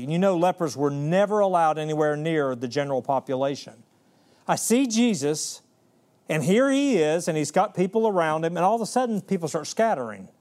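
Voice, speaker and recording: A man preaching a sermon, dramatic, swinging between soft, slow passages and loud, quick ones, often restarting and repeating words. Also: fairly high pitch.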